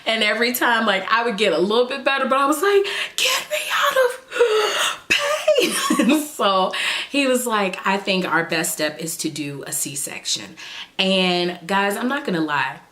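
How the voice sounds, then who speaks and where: A woman's voice: mid-range voice, moderate pace. A young woman from Chicago telling a personal story in a chatty vlog, acting out what people said. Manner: chatty, animated retelling with quoted dialogue. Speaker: vlogger.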